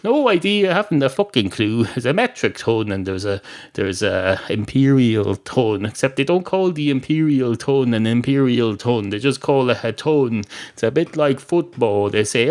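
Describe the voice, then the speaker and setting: A man's voice: mid-range voice, expressive, unhurried. An Irish man hosting a podcast in a rambling, digressive comic monologue that mocks himself. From Ireland. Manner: rambling, digressive, self-mocking. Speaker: podcast host.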